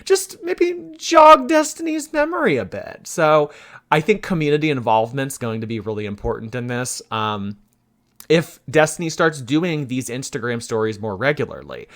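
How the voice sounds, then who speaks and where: A man hosting a chatty commentary vlog, his pitch swinging up and down as he talks. He speaks playfully and with animation, stretching out jokey asides. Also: sing-song, normal speed, a bit bright. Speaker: YouTube commentary host.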